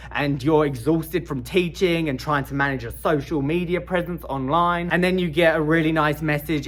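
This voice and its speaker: A young British man, a teacher, chatting casually in a vlog, laughing often and speaking around dental aligners. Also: a little high. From Britain. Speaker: teacher and social media creator.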